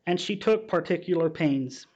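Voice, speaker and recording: A pastor reading a story in his sermon, steady and measured, then preaching to his listeners. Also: a little high. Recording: dull, muffled sound.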